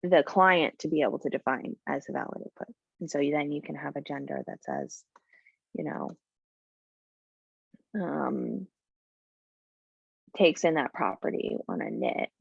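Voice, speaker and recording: A woman leads a coding lecture at an unhurried pace, her voice low and gravelly. She stops often to think aloud and speaks frankly. The sound is dry and dull, like lo-fi online class audio. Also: big pitch swings, dry recording. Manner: halting, thinks aloud with many fillers; frank, blunt about client handling. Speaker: coding bootcamp instructor.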